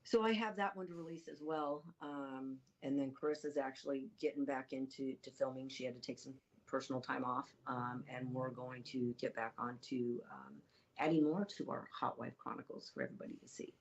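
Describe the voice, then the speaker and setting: A woman's voice: rumbling low, fairly even intonation, brisk, muffled recording. A woman guest on a show, chatting casually and hesitantly, with lots of fillers. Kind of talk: casual interview chat.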